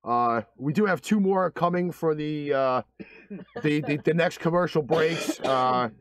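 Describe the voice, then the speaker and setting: Guy hosting a podcast, bit high voice, dead dry sound, lots of uh and cussing. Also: unhurried, no echo. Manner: rambling, profane, many "uh"s. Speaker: podcast host. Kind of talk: casual chat.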